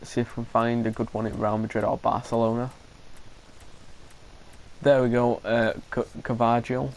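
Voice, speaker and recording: In casual gameplay commentary, a hesitant man thinks aloud with frequent restarts and an occasional cough. His delivery is flat and medium-pitched at a moderate pace, on a rough recording.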